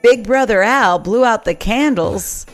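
A woman's voice: fairly high pitch, soft background music. A woman co-hosting a show, chatting casually and reading listener stories aloud in an upbeat, chatty way. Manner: upbeat, chatty, quick to laugh. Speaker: podcast co-host.

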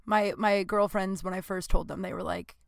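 A woman's voice: mid-range voice, fairly even intonation, normal speed, vocal fry, no echo. A woman in her late thirties talking nervously in a rambling, flustered monologue, swearing freely. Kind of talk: casual confessional monologue.

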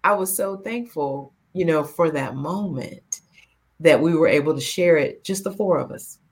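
A woman's voice: low voice, measured pace, slightly rough. Heartfelt woman in her fifties. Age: 50s. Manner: heartfelt, animated, laughs while telling. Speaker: guest. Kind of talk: personal storytelling.

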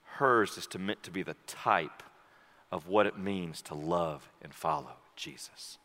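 A man delivers a sermon with a bright, forceful edge to his voice. He drops to hushed, slow passages and then climbs to loud, high, impassioned preaching. A long reverb trails his words through a large church.

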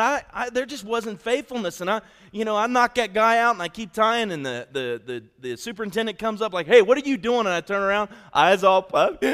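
A man's voice: high voice, fairly bright tone. Preaching man in a reverberant church. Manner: conversational preaching with call-outs to the congregation. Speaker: pastor. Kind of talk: sermon. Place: church sanctuary. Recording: long hall reverb.

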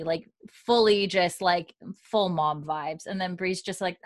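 Woman co-host, chatty recap, lowish voice, dry close sound. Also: measured pace, no room sound. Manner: chatty storytelling, many likes and you-knows. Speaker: podcast co-host recapping a show. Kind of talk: casual chat.

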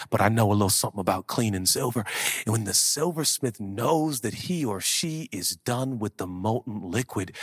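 A husky-voiced pastor in his forties delivers a sermon with playful asides. He swings from soft, hushed lines to sudden loud bursts. The sound is close and dry. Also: on the low side, dry recording. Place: large church auditorium.

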